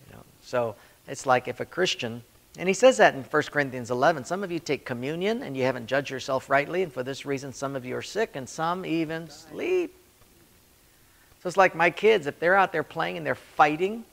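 A male pastor teaching a church leadership class, telling stories and acting out quoted voices with sudden rises in pitch and loudness. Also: moderate pace, creaky. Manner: storytelling, acts out quotes with big swings in pitch and volume. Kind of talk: sermon-style Q&A teaching.

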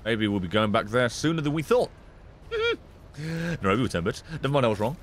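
A man's voice: medium pitch, wildly swooping pitch, fairly quick, slight background noise. A man streaming gameplay in casual commentary, swearing often, joking and laughing.

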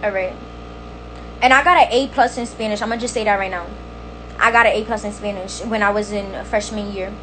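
A woman's voice: medium pitch, fairly even intonation, brisk, fairly bright tone, slight background noise, rough recording. A young woman chatting casually on a phone livestream, playful and boastful, repeating phrases in a sing-song way. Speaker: livestream host.

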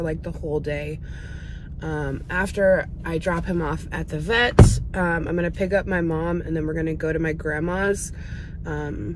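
A woman's voice: fairly low pitch, slight background noise, low-quality recording. A young woman chatting casually in a vlog, full of likes and ums, cooing baby talk at her dog now and then. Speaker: lifestyle vlogger.

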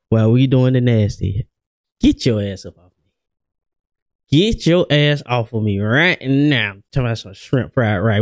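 A man's voice: mid-range voice, animated, a little slow, dry recording, clean studio sound. A man giving a slangy, joking reaction commentary.

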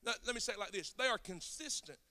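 Southern pastor preaching with high bright voice. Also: male voice, expressive, fast. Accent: Southern US, South Georgia. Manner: folksy, rising to shouted preaching. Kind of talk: sermon.

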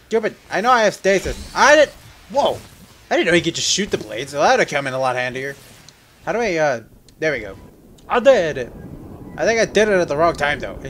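A man giving casual let's play commentary, joking and rambling, with sudden loud yelps, while sick. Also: high-pitched, a little hiss or hum. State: sick, on medication.

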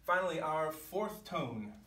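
A man, teaching a language lesson to camera in a clear, patient way, sometimes sounding out syllables at different pitches. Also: lively intonation, unhurried, pushed and bright. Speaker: Chinese teacher. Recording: echoey room, mic some distance off.

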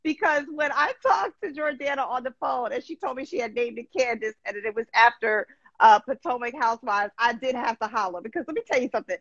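A woman hosting an interview talks emphatically and addresses her listeners directly. Her voice sits a touch high, recorded dry and a little dull and lo-fi. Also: brisk, fairly bright tone, breathy edge, no echo. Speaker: show host.

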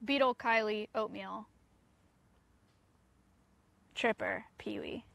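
A woman's voice: mid-range voice, slow, gravelly, fairly bright tone, no room sound. A young woman streaming live outdoors, chatting casually with her chat and coaxing her animals. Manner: chatty, talks to her chat and coaxes goats. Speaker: streamer and sanctuary owner.

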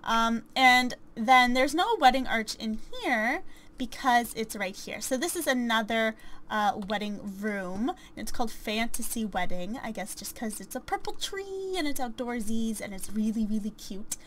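A woman's voice: fairly high pitch, expressive, moderate pace, a bit bright, a little hiss or hum. A woman casually commentating a life-sim game, chatty and self-deprecating, with frequent ums and small laughs. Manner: chatty and self-deprecating, with many fillers and giggles. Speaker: gameplay commentator. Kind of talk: casual let's-play commentary.

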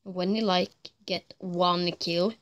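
A woman's voice: on the low side, steady tone, slow, lo-fi sound, background noise. A woman giving casual commentary over a shooter game, frustrated, blurting short outbursts and apologizing for her swearing. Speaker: gameplay commentator.

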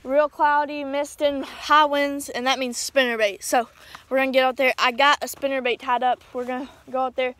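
A man vlogging while fishing from a small boat on a lake, talking casually and getting excited as he hooks fish. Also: very high-pitched, normal speed, smooth, no echo. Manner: excitable, talks to himself and the fish. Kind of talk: casual outdoor fishing vlog. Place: small boat on a lake, outdoors in wind and rain. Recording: loud wind and rain noise.

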